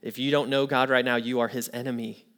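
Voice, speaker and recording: A man's voice: medium pitch, flat delivery, fast talker, a bit bright. A man preaching a sermon to his church, telling an anecdote and then pressing home his point earnestly. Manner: storytelling with quoted voices, then earnest preaching. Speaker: pastor.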